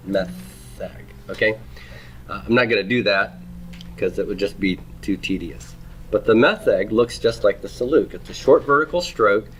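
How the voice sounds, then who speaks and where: A man's voice: fairly low pitch, fairly bright tone. Man lecturing with frequent "okay?". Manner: explanatory, checks in with frequent "okay?" and "right?"; repeats and restarts phrases while explaining. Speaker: Hebrew teacher. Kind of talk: classroom lecture.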